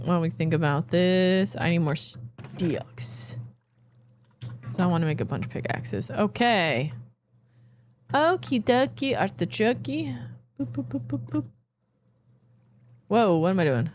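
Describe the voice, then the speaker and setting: Low-voiced woman streamer thinking aloud. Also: a little hiss or hum. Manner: thinking out loud, rambling, playful. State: yawning, tired. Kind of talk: casual gameplay commentary.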